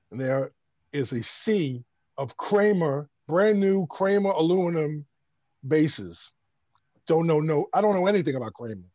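A man from Brooklyn, New York, tells a casual story with lively energy, stumbling over and restarting his words. His voice sits a little high for a man. The sound is dull and dry. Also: no room sound. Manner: animated, stammering restarts. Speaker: bass player guest.

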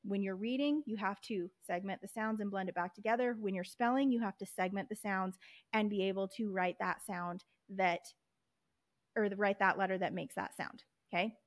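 A woman's voice: medium pitch, steady tone, normal speed, no echo. A woman hosting a podcast and teaching reading, explaining step by step and modelling letter sounds. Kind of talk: instructional explanation.

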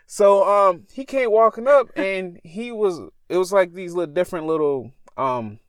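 A man's voice: high-pitched, normal speed, clean tone, no echo, studio quality. A young man telling a spooky personal story as a podcast host, talking casually in a parked car. He rambles and stops to correct himself.

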